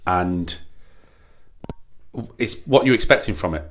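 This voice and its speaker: A man co-hosting a casual film chat, animated and quick to laugh, often restarting his sentences. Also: deep voice. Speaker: podcast co-host.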